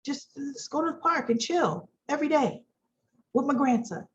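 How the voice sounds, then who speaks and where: A woman casually recapping a soap opera and acting out the characters' quoted lines with shifts of pitch. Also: expressive, moderate pace. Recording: dull lo-fi recording.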